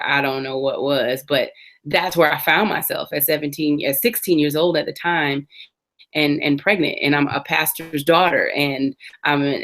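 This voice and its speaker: Low-voiced woman sharing her testimony. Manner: earnest, reflective storytelling with frequent restarts. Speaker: interview guest. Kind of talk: personal testimony in an interview.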